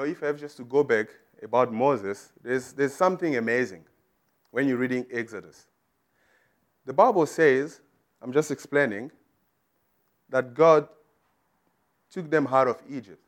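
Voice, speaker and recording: A man's voice: medium pitch, moderate pace, pauses often. Emphatic man preaching a sermon. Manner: emphatic, rising to loud declarations.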